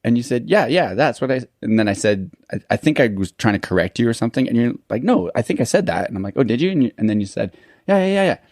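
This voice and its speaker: A man's voice: medium pitch, expressive, quick pace, few pauses, a little mellow, no room sound, studio quality. A man co-hosting a casual podcast, telling stories and laughing easily. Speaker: podcast co-host.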